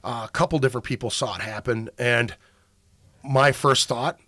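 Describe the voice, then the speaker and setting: A man's voice: medium pitch, normal speed, bright, forceful tone, dry recording. A man hosting a podcast, telling a long profane story in casual chat. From Minnesota. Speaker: podcast host.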